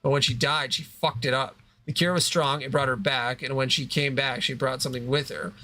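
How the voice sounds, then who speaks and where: A man's voice: mid-range voice, steady tone, fairly quick, sharp tone, natural voice. A man voicing a paranoid, desperate male doctor in a read-aloud story game, ranting in an agitated way. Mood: angry.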